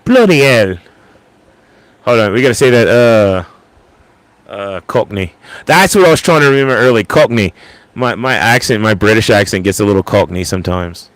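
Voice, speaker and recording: Male streamer, loose and chatty, lively up-and-down voice, dry close sound, tends to stumble over words. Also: on the low side, a little fast, dry recording. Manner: rambling, stammers and repeats words. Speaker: livestream host. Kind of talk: casual late-night livestream chat. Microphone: ASMR microphone.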